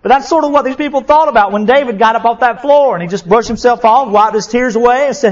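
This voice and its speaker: A male pastor preaching a sermon, impassioned and repetitive, swinging from loud to hushed. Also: extremely high pitch, fast talker. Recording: dull lo-fi sound.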